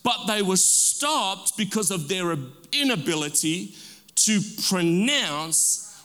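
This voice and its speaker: Sitting high with lively intonation, this pastor's pushed, bright voice rings through a church sanctuary. His call-and-response sermon features calls for amens and drawn-out key words, heard with the long reverb of a large hall.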